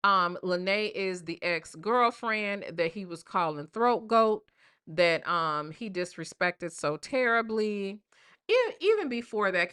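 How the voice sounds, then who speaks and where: A woman hosting a casual commentary show, sassy and animated, talking straight to her viewers. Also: medium pitch, clean tone. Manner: sassy, animated, addresses chat directly.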